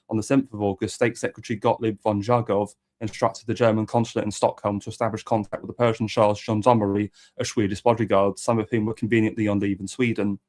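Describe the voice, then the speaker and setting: A man's voice: on the low side, a little mellow. A man reading a history book aloud as host and adding occasional asides.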